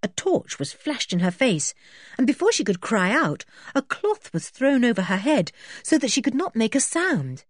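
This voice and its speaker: A woman's voice: fairly high pitch, big pitch swings, moderate pace, husky, no room sound, studio quality. A woman narrating a children's storybook expressively and switching into voices for the characters. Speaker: audiobook reader.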